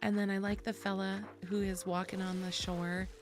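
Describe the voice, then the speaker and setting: An American woman streaming, chatting casually with viewers, giggly and chatty and loudly excitable. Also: medium pitch, moderate pace, soft background music.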